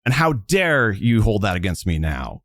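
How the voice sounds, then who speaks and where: A man voicing a grieving woman soldier captain who shouts defiantly through tears. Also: lowish voice, sing-song, moderate pace, no room sound, studio quality, voice pushed up. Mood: furious. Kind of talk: tabletop game role-play.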